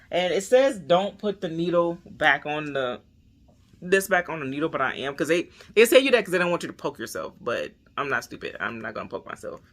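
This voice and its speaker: A woman with a bright, forceful voice talks through a casual personal vlog. She sounds stressed and anxious, rambling on and sinking at times to soft near-whispers. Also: sits low. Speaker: vlogger.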